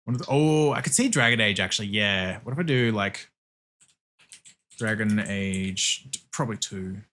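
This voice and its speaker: A man streaming a game and chatting casually, excitable, laughing a lot and swearing often. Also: fairly low pitch, moderate pace. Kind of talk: casual livestream chat while gaming.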